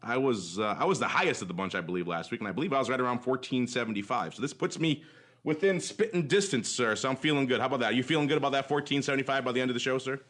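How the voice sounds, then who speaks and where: A man's voice: mid-range voice, expressive, rapid-fire, a bit bright. A man hosting a casual markets podcast in an upbeat, rambling way, his voice slightly worn from days of talking. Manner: chatty, upbeat, rambling asides. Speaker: podcast host.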